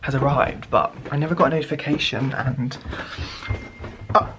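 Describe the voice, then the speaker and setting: A young man talks through an unboxing vlog in a gushing, excitable way, gasping and sinking into hushed whispers. His pitch sits in an ordinary middle range, and a faint hiss runs under the recording. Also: moderate pace. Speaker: vlogger.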